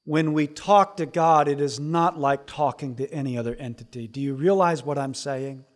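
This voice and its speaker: A middle-aged man preaching a sermon as pastor, swinging between hushed asides and loud, emphatic lines. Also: fairly high pitch, moderate pace.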